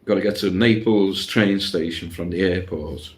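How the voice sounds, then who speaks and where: A man's voice: low voice, fairly even intonation, normal speed. A man chatting casually about a trip, laughing as he acts out the people they met. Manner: chatty, laughs while acting out other people's voices. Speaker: co-host. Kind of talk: casual travel storytelling.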